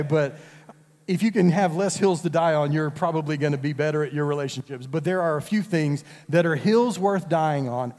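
A middle-aged male pastor preaches in a loose, conversational way and keeps checking whether the congregation is following along. His voice sits a bit high but sounds mellow and warm. It rings out with the long reverb of a large hall. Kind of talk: sermon.

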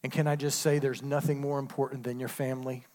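A man's voice: medium pitch, little pitch movement, fast, darkish tone. A man, preaching a sermon with call-and-response asides. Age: 50s. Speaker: pastor. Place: church sanctuary. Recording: long hall reverb.

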